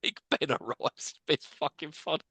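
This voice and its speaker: A man's voice: on the high side, moderate pace, bright, forceful tone, slightly rough, no room sound. A man co-hosting a podcast, recapping a film in casual chat and laughing often as he goes. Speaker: podcast co-host.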